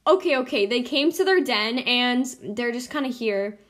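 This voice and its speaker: A woman's voice: on the high side, lively intonation, normal speed, a bit bright. A young woman hosting casual game commentary, bubbly and giggly, swinging between squeals and mutters. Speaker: gaming channel host.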